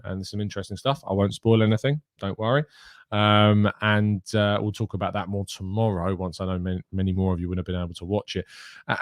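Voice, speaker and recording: A man's voice: lowish voice, no room sound, studio quality. A man hosting a live show, chatting casually, reading out and answering viewers' questions. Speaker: host. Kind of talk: casual chat.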